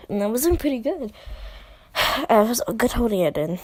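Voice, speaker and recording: A teenage girl telling a personal story in a vlog, halting and hesitant, with many fillers and restarts and soft whispered asides. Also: fairly high pitch, sing-song, dry recording. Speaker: vlogger.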